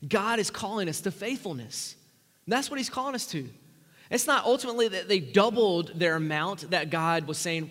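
A man preaching a sermon, emphatic, swinging from loud rising lines to quiet low asides. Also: lively intonation, normal speed, big-room sound.

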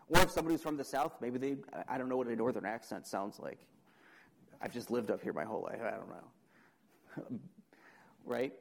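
A young man preaching a sermon, dramatic, asking the audience questions and swinging between loud emphasis and quiet. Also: medium pitch, rough recording.

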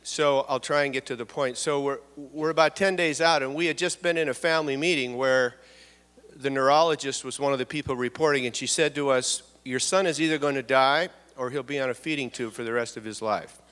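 Middle-aged man, mid-pitch, earnest halting testimony speaker; long hall reverb. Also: steady tone, a bit bright. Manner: earnest, halting, repeats words, voice drops low at times. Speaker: church speaker sharing testimony. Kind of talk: personal testimony in church. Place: church hall.

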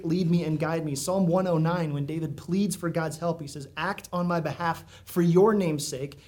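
A man delivers a sermon, speaking earnestly and conversationally. He leans into dramatic pauses and emphasis, and his voice sits a little high for a man. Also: a little mellow. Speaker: pastor. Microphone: recorded for viewers at home.

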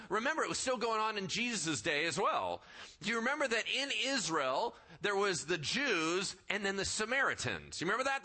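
Lively, bright-voiced male preacher. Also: high-pitched. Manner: animated, conversational preaching with acted-out voices. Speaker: pastor. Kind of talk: sermon.

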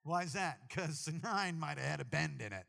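A man preaching a sermon to a congregation, animated and jokey, talking straight to the people in the church. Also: a little high, moderate pace, gravelly, in a large hall. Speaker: pastor.

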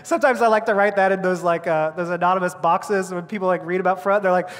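A man's voice: high voice, fairly even intonation, fast. A male preacher giving a sermon, joking and laughing as he talks, often restarting his words. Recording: long reverb of a large hall.

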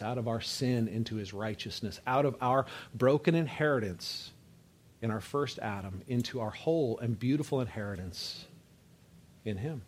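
A man preaching a sermon to a congregation, conversational and emphatic, dropping low and soft on key words and checking that listeners follow. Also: slight background noise. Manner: conversational, builds to emphatic rises, asks audience to follow; frequent fillers and restarts, drops low and soft on key words.

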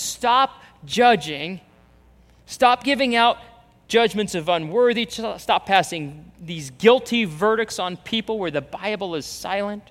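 With a high-pitched, fairly bright voice, a man preaches as pastor, pressing his points through repetition and by acting out quoted voices. A long echo fills the reverberant hall.

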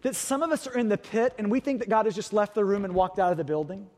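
High-voiced man preaching in a hall. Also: fast. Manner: storytelling, animated, rhetorical questions. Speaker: pastor. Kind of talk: sermon.

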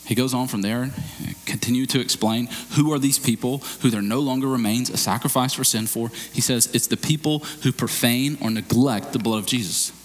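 A man preaching a sermon as pastor, explaining a scripture passage and acting out bits of dialogue in a raised, excited voice. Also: mid-range voice, a little fast. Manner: animated, acts out dialogue in raised voice.

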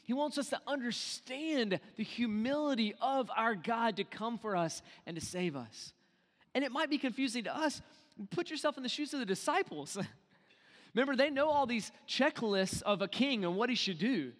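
A male pastor preaching a sermon in a lively, animated way, acting out quoted voices and swinging from loud to hushed. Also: extremely high pitch, moderate pace, big-room sound.

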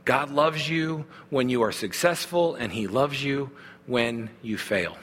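A pastor delivers a sermon in a conversational, earnest manner, often circling back with small restarts. His voice is bright and forceful, at a middle pitch for a man. A long hall reverb trails behind his words. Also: a little slow.

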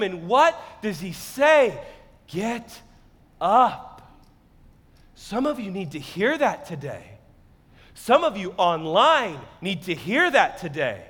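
Pastor, male, high voice, casual joking sermon delivery with shouted peaks, long hall reverb. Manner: conversational and joking, bursting into loud shouted lines.

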